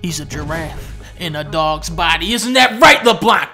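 Bright-voiced man's profane gameplay commentary. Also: animated, normal speed, soft background music. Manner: profane, mocking, swings from low mutters to sudden shouts.

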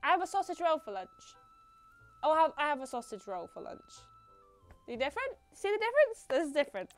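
A woman's voice: sits high, sing-song, fast talker, soft background music. A young woman streaming a video game, chatting playfully with viewers and laughing at herself.

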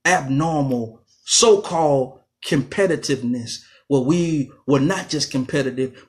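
Fiery, emphatic man lecturing. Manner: fiery and emphatic, swinging from loud outbursts to low intensity. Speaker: radio talk show host. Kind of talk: impassioned lecture.

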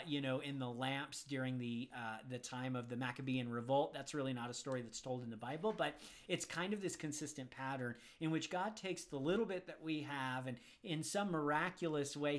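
A man of middle pitch answers viewers' Bible questions in a relaxed teaching voice. He talks conversationally and thinks aloud as he explains. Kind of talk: casual Bible Q&A.

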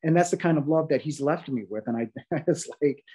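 A man's voice: on the high side, a little fast, warm tone, slightly rough, rough recording. A man sharing his near-death experience as a podcast guest, speaking with heartfelt emphasis and many fillers and restarts. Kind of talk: earnest testimony in a podcast interview.

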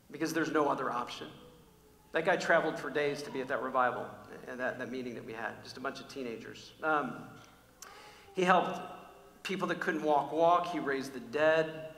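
A man preaching a sermon, telling personal stories in an animated, conversational way with frequent restarts. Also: medium pitch, moderate pace, a little hiss or hum. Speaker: pastor. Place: large church hall. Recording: echoey church hall with long reverb.

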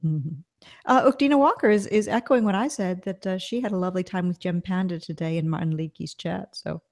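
A woman's voice: lowish voice, a little fast, darkish tone. A middle-aged woman hosting a casual livestream chat, reading out viewer comments, laughing often. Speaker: show host. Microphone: desk mic.

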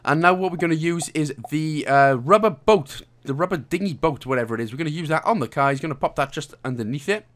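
A man's voice: on the high side, fast talker, hardly any pauses, a bit bright. A man from Wales, hosting a casual game walkthrough with jokey, rambling, self-mocking asides. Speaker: video game walkthrough host.

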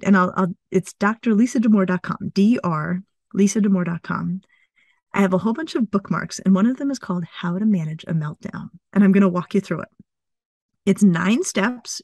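A middle-aged woman psychologist, a guest in an interview, explaining things calmly step by step. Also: medium pitch, dry recording, studio quality.

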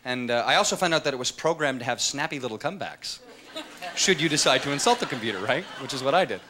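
On a live stage, a man with a mid-range voice does a stand-up set, animated and fast. His joking is loose and full of rhetorical asides, picked up by a stage mic along with loud crowd laughter.

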